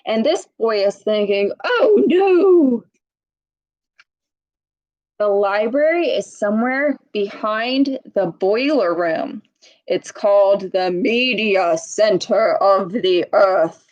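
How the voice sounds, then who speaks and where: A woman reading a children's picture book aloud, pausing to point out words and ask young listeners questions in a clear, teacherly way. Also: mid-range voice, highs cut off.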